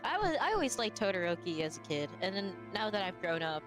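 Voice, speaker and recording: A woman chatting casually with a friend during a stream, animated, swearing offhandedly and laughing often. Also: medium pitch, fast talker, music in the background. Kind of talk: casual chat between friends.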